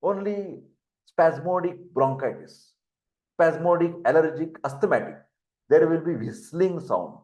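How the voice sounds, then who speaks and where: A man's voice: on the high side, lively intonation, unhurried, a little mellow. An older man with an Indian English accent, giving a lecture, who repeats terms and spells words out for dictation. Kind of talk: classroom lecture. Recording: echoey room.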